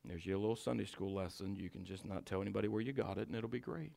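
A man preaching a sermon, swinging from shouted exhortation to quiet, folksy storytelling as he acts out Bible figures. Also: fairly low pitch, quick pace, creaky. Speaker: pastor.

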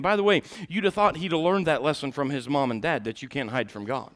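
A man preaching a sermon in a warm church, dropping to quiet asides and rising to loud climaxes. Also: brisk, few pauses. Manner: swings from low asides to shouted climaxes.

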